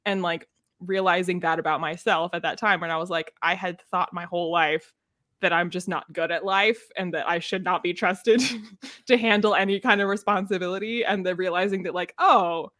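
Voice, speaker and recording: Bright, chatty young woman, dry sound. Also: on the low side, steady tone, normal speed, no room sound. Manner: chatty, laughing often, many fillers. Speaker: podcast co-host. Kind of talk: casual book discussion chat.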